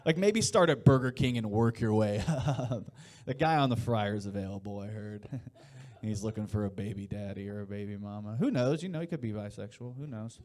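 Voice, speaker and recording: A man's voice: fairly low pitch, a little fast, a little mellow. A man in his late thirties from Indiana doing a loose, rambling stand-up set with crowd work and laughs between lines. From Indiana, USA. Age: 30s. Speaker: stand-up comedian. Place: live comedy show before an audience.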